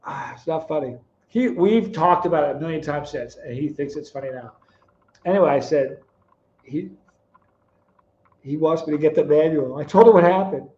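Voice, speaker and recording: A middle-aged man with a fairly high voice hosts a casual live stream. He chats and teases his viewers by name. The sound is dull and a little lo-fi. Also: normal speed, long pauses, warm tone. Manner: chatty, teasing viewers by name, storytelling. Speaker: live stream host reading chat. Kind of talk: casual chat.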